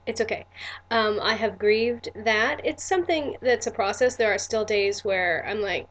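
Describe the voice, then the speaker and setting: A woman's voice: medium pitch, moderate pace. A woman, telling a personal story in a candid, earnest vlog with many restarts and asides. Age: 40s. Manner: earnest and emotional. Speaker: vlogger.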